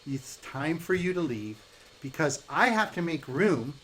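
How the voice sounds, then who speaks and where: A sly old witch, put on by a man running the game croons her threats softly and slowly, drawing out each word. The voice sits a little high, with faint noise behind it in a tabletop game session. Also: very animated, poor audio. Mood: crooning menace. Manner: soft, drawn-out, crooning threats. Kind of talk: tabletop game role-play.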